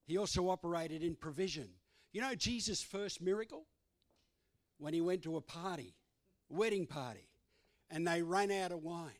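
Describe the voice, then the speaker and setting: A man's voice: on the high side, animated, normal speed, long pauses. A man preaching a sermon, emphatic and given to repetition. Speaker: pastor.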